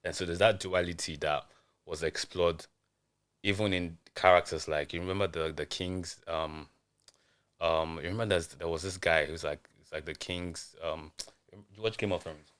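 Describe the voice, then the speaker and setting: Very deep-voiced man, thoughtful. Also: fairly even intonation, normal speed, a bit bright, clean tone. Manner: thoughtful, hesitant, many ums. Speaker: journalist guest. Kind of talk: casual chat.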